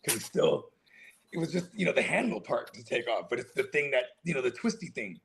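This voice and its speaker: Young guy with a super gravelly voice, bouncing all over the place, loose swearing chatter. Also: medium pitch, brisk, a little hiss or hum. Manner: animated storyteller, swears freely. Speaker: watch party co-host. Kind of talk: casual chat.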